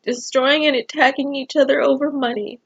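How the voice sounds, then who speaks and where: A woman's voice: sits high, fairly even intonation, normal speed, a bit bright, dull audio. A woman vlogger talking to camera about family and people, rambling and emotional, with many fillers. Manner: rambling, emotional, full of fillers like "you know". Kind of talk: personal talk to camera.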